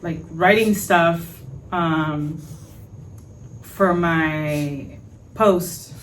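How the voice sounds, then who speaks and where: Brief: woman podcast host, fairly low voice, frank and animated storytelling, faint hiss behind her. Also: very slow, far from the mic, low-quality recording. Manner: animated, frank, swears, many fillers. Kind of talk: casual storytelling monologue.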